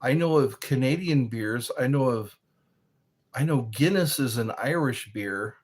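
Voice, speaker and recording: A man hosting a casual livestream, reading viewer comments aloud and joking between them in a slow, drawn-out way. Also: mid-range voice, animated, husky. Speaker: livestream host.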